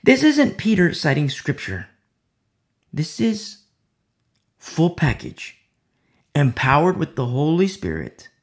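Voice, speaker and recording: A male preacher delivering a dramatic sermon, swinging from loud declarations to hushed whispers. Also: on the high side, wildly swooping pitch, takes it slowly, long pauses.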